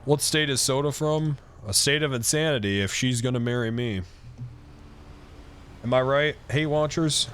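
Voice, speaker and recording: A man streaming a roleplay game in character, ranting excitably and swearing a lot. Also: mid-range voice, normal speed, slight background noise. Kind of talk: casual in-character roleplay chat.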